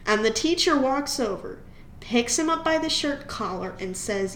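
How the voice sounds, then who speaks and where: A woman hosts a relaxed storytime with a slightly high voice, chatty and prone to restarting her sentences. The room gives her voice a noticeable echo. A faint hiss sits underneath. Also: normal speed. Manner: chatty, rambling storyteller with self-corrections. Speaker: channel host. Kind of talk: casual storytime while coloring.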